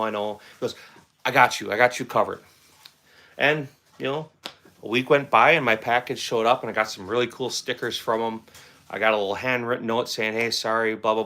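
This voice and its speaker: Middle-aged male host, bright tone, rambling casual storyteller who repeats himself. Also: medium pitch. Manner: rambling, repeats words, conversational. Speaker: firearms channel host.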